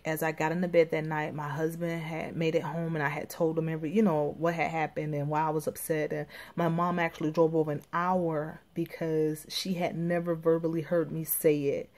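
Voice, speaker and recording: A woman's voice: lowish voice, a little mellow. A woman from Florida, working as a life coach, giving an intimate, emphatic personal testimony that sometimes drops to near whispers.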